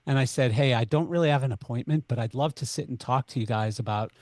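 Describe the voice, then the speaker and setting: A man's voice: medium pitch, fast talker, darkish tone, no room sound, clean studio sound. A middle-aged man from Canada, a podcast guest, telling stories in conversation and acting out both sides of the dialogue. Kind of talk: conversational storytelling.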